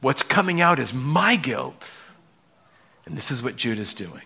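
A man in the pulpit delivering a sermon with a bright, forceful voice. He is expressive, slipping into characters' voices as he retells the scene. He gets visibly moved as he preaches. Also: mid-range voice, a little slow, creaky, breathy edge. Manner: expressive, acts out dialogue in voices; moved to emotion while preaching. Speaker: pastor.

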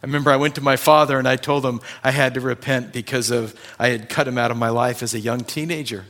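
A man's voice: medium pitch, steady tone, fast talker, fairly bright tone. A male pastor preaching a sermon, talking conversationally and addressing the congregation directly with personal stories.

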